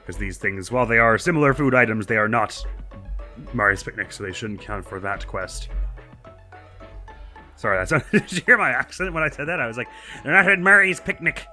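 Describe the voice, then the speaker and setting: A man's voice: medium pitch, expressive, brisk, sharp tone, faint music behind. A young man talking through a video game in casual commentary, chatty and self-deprecating, laughing often at himself. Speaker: let's play host.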